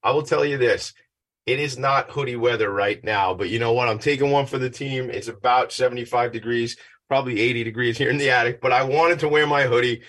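A man's voice: medium pitch, a little fast, fairly bright tone. A man hosting his own show from a home attic studio, chatty and self-deprecating, a bit out of breath. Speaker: podcast host. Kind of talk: casual upbeat show intro.

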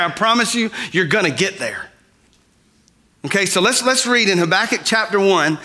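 A man preaching to his congregation in a high, bright voice. He keeps it conversational and speaks to the people straight on. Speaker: pastor. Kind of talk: sermon.

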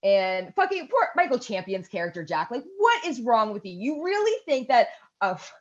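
Thirtysomething woman podcaster gushing over a movie, loud shrieks, kinda muffled sound. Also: mid-range voice, moderate pace. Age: 30s. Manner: animated storytelling with loud shrieks and swearing. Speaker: podcast co-host. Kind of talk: casual chat recapping a movie.

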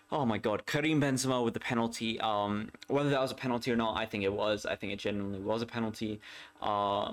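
A young man hosting a solo football podcast in casual talk, excitable and rambling, often repeating himself and laughing. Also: lowish voice.

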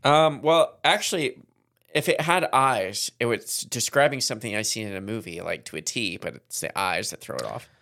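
A man's voice: lowish voice, lively intonation, normal speed, creaky, fairly bright tone. A man co-hosting a casual podcast, easygoing and often trailing off while he searches for words. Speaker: podcast co-host.

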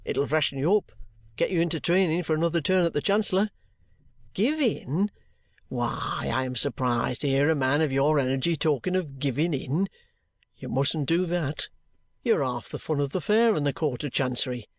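An audiobook reader voicing a shrewd, jovial middle-aged male detective who coaxes and banters in a steady everyday voice, recorded close and dry. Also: medium pitch, moderate pace, dry recording, natural voice. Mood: bantering. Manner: coaxing, bantering encouragement. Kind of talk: audiobook character reading.

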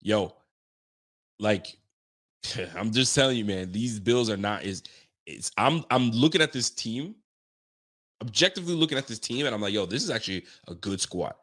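Reading viewer comments on his laid-back football stream, a man with a voice on the low side swears, laughs, and gets worked up. His talk is quick and full of slang.

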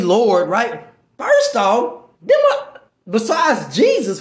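Speaking slowly in a very high voice with huge swings in pitch, a man preaches informally on a podcast from an echoey room. His religious teaching comes in slangy street speech, peppered with "right?" and stumbles while he reads aloud.

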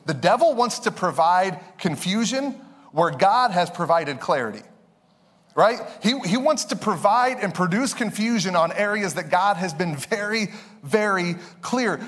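A young man preaching a sermon in a relaxed, conversational way, mixing Bible reading with quick personal stories. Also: sits high. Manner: conversational, storytelling with quick asides. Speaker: pastor. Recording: long reverb in a hall.

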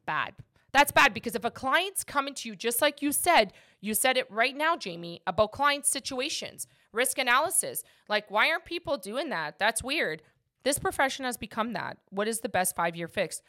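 A woman's voice: on the high side, very animated, brisk, pushed and bright. A woman who works as a mortgage agent and hosts a podcast, talking casually and emphatically about her work.

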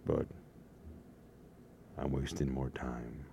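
A slightly hoarse man with a very low, mellow voice talks alone at his desk to his webcam. He rambles from topic to topic, teasing himself in a loose, jokey way. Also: a little slow, pauses often, a little hiss or hum. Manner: self-mocking, jokey, drifts between topics. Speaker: solo vlogger. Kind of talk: rambling casual monologue to camera. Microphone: desk setup facing a webcam.

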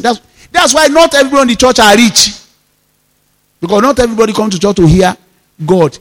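A man's voice: very high-pitched, quick pace, fairly bright tone. A man with a Nigerian accent, a pastor preaching an emphatic sermon told through personal stories and proverbs. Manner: emphatic storytelling, mixes in Yoruba proverbs.

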